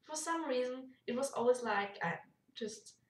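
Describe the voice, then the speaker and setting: A woman's voice: sits high, moderate pace. A young woman with a German accent, chatting casually in a rambling vlog and laughing often. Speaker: YouTuber. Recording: echoey room, far from mic.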